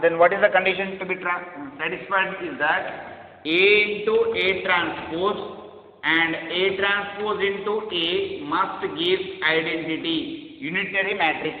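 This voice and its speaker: A man with a fairly high voice teaches a math lesson. He reads out numbers one at a time and works through each step slowly. The sound is thin and phone-like, with a long, roomy echo. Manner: slow, step-by-step, reading out numbers. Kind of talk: recorded lecture working through examples. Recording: tinny, echoey, reverberant hall sound.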